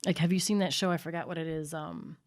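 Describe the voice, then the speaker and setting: A woman in her thirties, a guest in a casual chat, laid-back and quick to laugh and swear. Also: low voice, fairly even intonation, no echo.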